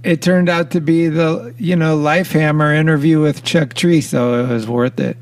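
Man, forties, host, relaxed, higher voice, a bit distant from the mic. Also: moderate pace. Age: 40s. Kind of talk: casual chat.

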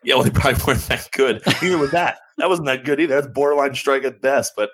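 A man chats as a guest on a sports podcast. He is laid-back and joking, and he stumbles and restarts his sentences often. His voice sits at a middle pitch. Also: quick pace, fairly bright tone, slightly rough, poor audio. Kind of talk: casual chat.

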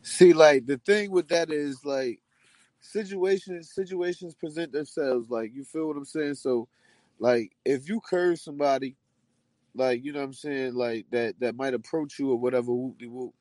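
A man's voice: mid-range voice, normal speed, darkish tone, dry recording. A man joining a livestream as a guest from his car, laid-back and full of casual slang fillers. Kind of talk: casual chat.

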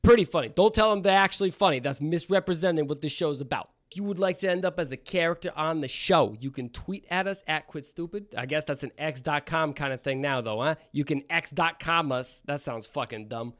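A man's voice: on the high side, fairly quick, hardly any pauses, a bit bright, lightly acted. A man voicing a brash, crude New York trash driver with a put-on New York accent that drifts toward Australian, rambling through an ad read. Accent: put-on New York with a bit of Australian.

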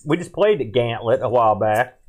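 Excitable joking man in game chat. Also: medium pitch, fairly quick. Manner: excitable, joking, animated storyteller. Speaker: co-host. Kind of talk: casual retro game chat.

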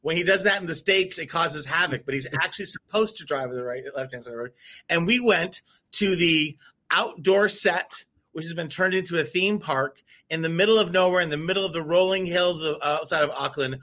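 Brief: male co-host, high and bright, rambling animated storyteller, casual chat. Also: fairly quick. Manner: rambling, animated, many restarts. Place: before a live audience.

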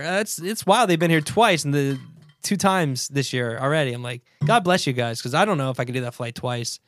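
Upbeat podcast dude, kinda high voice, bounces all over when he tells stuff, dry mic. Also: brisk, dry recording. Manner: laughs easily, animated storytelling. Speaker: podcast co-host. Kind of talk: casual chat.

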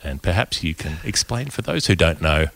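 Man, deep voice, dry close mic, wry measured podcast host. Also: very animated, vocal fry, fairly bright tone, no room sound. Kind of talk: casual chat.

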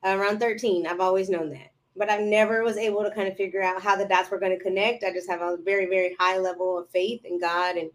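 Woman podcast guest, casual chat, lively storyteller who plays out old conversations. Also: medium pitch, fast, few pauses. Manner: animated storyteller, acts out her own past dialogue.

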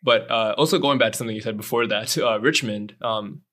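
A man's voice: lowish voice, fairly quick, a bit bright. Teasing young man co-hosting a podcast. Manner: teasing, joking. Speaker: podcast co-host. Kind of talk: casual chat.

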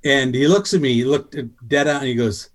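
A middle-aged man telling a lively story in casual chat, acting out what people said in a higher voice. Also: a little fast. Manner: animated, acts out quotes in a higher voice. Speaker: guest storyteller. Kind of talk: casual anecdote on a podcast.

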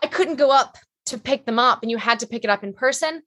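Actress guest, bright higher voice, rambling chatty talk, dry close sound. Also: female voice, fast talker, dry recording. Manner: chatty, rambling, animated, with many fillers. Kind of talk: casual chat.

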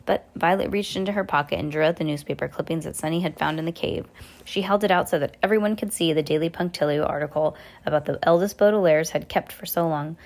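A woman's voice: low-pitched, fast, a little mellow. A woman reading a novel aloud, often tripping over words and correcting herself. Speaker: audiobook reader. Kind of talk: amateur book reading.

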